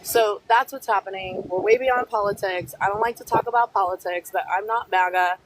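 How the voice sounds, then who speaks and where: A woman's voice: mid-range voice, fairly even intonation, background noise. Feisty woman chatting on a live stream. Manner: blunt, feisty, quick to snap back at commenters; sprinkles in Spanish words. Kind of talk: casual live-stream chat reading comments. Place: outdoors walking dogs.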